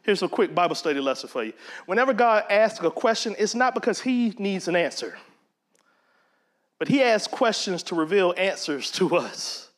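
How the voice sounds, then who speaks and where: High-voiced man teaching a Bible lesson. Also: sing-song, moderate pace. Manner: conversational, acts out quoted voices. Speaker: preacher.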